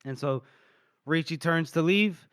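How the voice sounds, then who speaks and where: A man's voice: on the high side, a little slow, a bit bright, clean tone, no room sound, clean studio sound. A man co-hosting a podcast, casually retelling a book chapter and briefly acting out the characters' lines. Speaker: podcast co-host.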